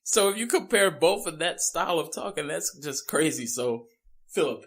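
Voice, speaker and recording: A male podcast co-host in loose, casual chat. His pitch swings widely as he talks, and he laughs often and drops into goofy voice impressions. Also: lively intonation, moderate pace.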